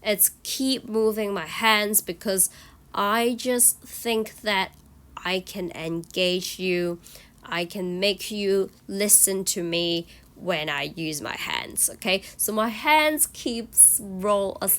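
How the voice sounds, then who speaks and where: A woman's voice: mid-range voice, a bit bright. A woman with a Hong Kong English accent teaching an online speaking lesson to students, often checking in with "okay?". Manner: slow, encouraging, frequent "okay?" checks.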